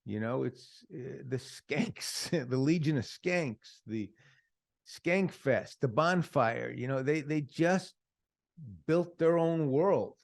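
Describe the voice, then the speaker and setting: A man's voice: fairly high pitch, slow pace, vocal fry, no echo, clean studio sound. A man hosting a podcast in casual chat, praising things in a rambling, enthusiastic way. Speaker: podcast host.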